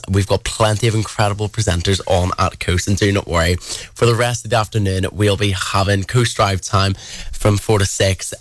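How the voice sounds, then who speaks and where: Young irish guy hosting local radio, low voice, chatty, says like a lot, dry studio sound. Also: no room sound. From Ireland. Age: 20s. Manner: chatty, peppered with "like". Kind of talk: casual radio chat between songs.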